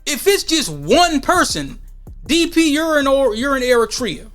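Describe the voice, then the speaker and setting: A man's voice: extremely high pitch, very animated, unhurried, a bit bright, soft background music. An American man hosting a podcast, arguing emphatically and repeating himself for stress. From United States. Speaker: podcast host. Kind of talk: heated podcast debate.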